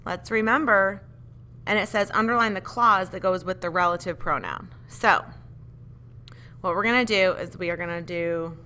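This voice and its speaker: A woman's voice: lowish voice, normal speed, sharp tone, slight background noise. A woman teaching a grammar lesson, patiently explaining step by step and asking the class questions. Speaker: English teacher.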